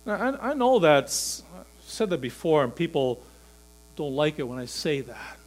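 A man delivers a sermon to his congregation in a slightly high voice. He sinks into quiet, low stretches and then climbs to loud, emphatic peaks. A faint electrical hum sits under the recording. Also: very animated, moderate pace. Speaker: pastor.

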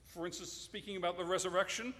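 A man delivers a sermon in a fairly high voice, stressing key words and at times speaking straight to the children. His voice rings out with a long reverb trailing behind it. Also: steady tone, fast talker, bright, forceful tone. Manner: emphatic, addresses children directly. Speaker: preacher.

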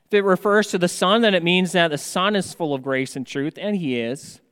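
A man preaching a sermon as pastor, slow and measured, with emphatic rises on key words. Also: high-pitched, fairly bright tone, clean tone. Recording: long hall reverb.

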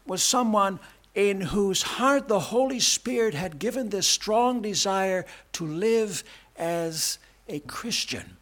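A male pastor preaching a sermon, emphatic and repetitive, leaning hard on key words. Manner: emphatic, repetitive preaching with big swings in pitch and loudness.

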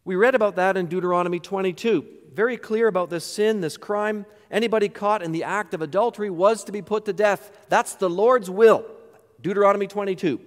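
A man's voice: sits high, fairly even intonation, a little fast, in a large hall. A man pastor delivering a sermon, emphatic and full of rhetorical questions.

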